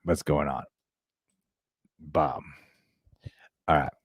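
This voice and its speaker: A man's voice: very deep voice, steady tone, very slow, slightly rough, dry recording. A young man co-hosting a casual livestream, reading viewer chats, laughing often and restarting his sentences.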